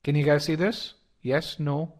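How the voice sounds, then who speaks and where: A man's voice: on the high side, fairly even intonation, a little slow, a little mellow. A man leading a live online test-prep lesson, talking straight to his students with frequent repeated words and restarts. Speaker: instructor.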